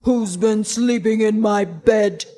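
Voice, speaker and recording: A woman's voice: mid-range voice, takes it slowly, close to an everyday voice. A woman doing a growling angry father bear. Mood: gruff. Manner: growling, loud.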